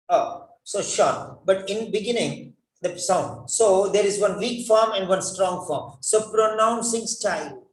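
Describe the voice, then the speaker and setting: A man's voice: high-pitched, lively intonation, slow. A man teaching English pronunciation, repeating words over and over to model how they should sound. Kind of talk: classroom lesson on pronunciation. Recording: echoey room.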